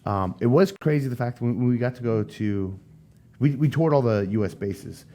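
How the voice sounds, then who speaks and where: A man in his thirties from the United States, telling a story in casual chat as a podcast guest, animated and acting out the voices of the people he quotes. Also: mid-range voice, moderate pace, a little hiss or hum.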